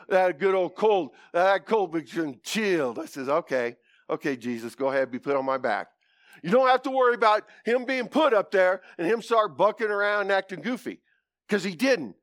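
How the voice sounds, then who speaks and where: A man preaching a folksy, animated sermon, with whoops and asides to the congregation. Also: high-pitched, moderate pace, dry recording, studio quality.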